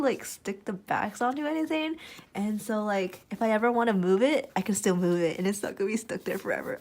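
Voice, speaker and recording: A young woman chats casually as she unboxes a package, her voice sitting at a middle pitch. She gets excitable, squealing and giggling often as she goes. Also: fairly quick. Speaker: vlogger opening a package.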